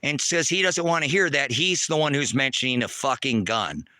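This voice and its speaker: A man on a livestream, ranting angrily at his chat, swearing and preaching, loud one moment and lecturing low the next. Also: lively intonation, moderate pace, no echo. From United States. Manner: angry, profane and preachy, swings between shouting and low lecturing. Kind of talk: heated livestream rant to chat.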